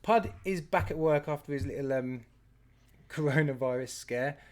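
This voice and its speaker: A man hosts a casual live stream and greets viewers one after another. His voice sits a little high for a man, and he talks in a loose, chatty way with easy laughter. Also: normal speed. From England. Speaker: host.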